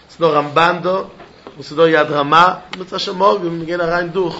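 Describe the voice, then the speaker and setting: A man teaching a Talmud lesson, lively and questioning, mixing in Yiddish and Hebrew terms. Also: on the high side, moderate pace, background noise. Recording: dull lo-fi recording.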